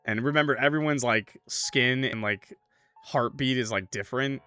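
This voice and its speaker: A man's voice: mid-range voice, normal speed, bright, forceful tone, clear, resonant tone, faint music behind. A man playing a horror game, reading its text aloud and chatting casually between passages. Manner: casual, laid-back, lots of "like" and "bro". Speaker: streamer. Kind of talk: let's play, reading game text with commentary.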